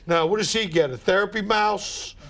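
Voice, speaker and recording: A man's voice: high-pitched, moderate pace, fairly bright tone. A middle-aged man doing wisecracking stand-up rants as a guest on a morning show. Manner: wisecracking, exasperated comic rants. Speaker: comedian guest.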